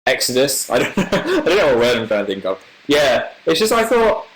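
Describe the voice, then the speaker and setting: A man in his twenties from northern England, chatting casually on a livestream as a YouTuber host and answering viewer comments in a rambling, animated way. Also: mid-range voice, normal speed, hardly any pauses, slight background noise, low-quality recording. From northern England, near Manchester.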